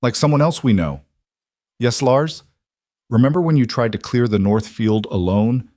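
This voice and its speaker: A man voicing a stern, brisk elderly farm wife with a Norwegian accent and blunt broken English. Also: mid-range voice, mellow, no echo, studio quality, pitched above the performer's own voice, lightly acted. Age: older.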